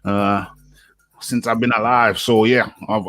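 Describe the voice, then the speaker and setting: A British man hosting a casual boxing chat, animated and laughing often, repeating his words as he goes. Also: fairly low pitch, a little slow, dry recording. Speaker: host.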